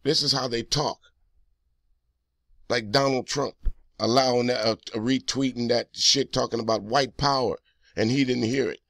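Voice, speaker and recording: A man's voice: mid-range voice, fairly even intonation, moderate pace, vocal fry, pauses often, fairly bright tone, dry recording, studio quality. A man hosting a reaction video, delivering heated, profane, accusing commentary straight at the person in a clip.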